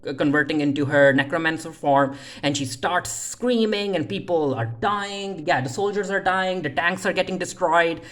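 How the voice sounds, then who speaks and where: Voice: medium pitch, moderate pace, few pauses, fairly bright tone. A reviewer casually recapping a TV episode, retelling scenes loosely with lots of "uh" fillers and paraphrased lines. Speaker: TV series reviewer.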